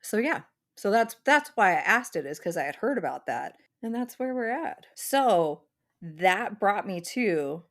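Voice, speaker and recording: A woman's voice: medium pitch, very animated, measured pace, a bit bright. A woman co-hosting a podcast, telling a long story in casual chat with lots of "like" fillers. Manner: rambling storyteller, many "like" fillers. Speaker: podcast co-host.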